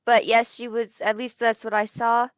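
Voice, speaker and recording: A woman's voice: a little high, flat delivery, moderate pace, smooth, dry recording. A woman from Canada co-hosting a live wrestling watch party, chatting with dry asides. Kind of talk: casual chat.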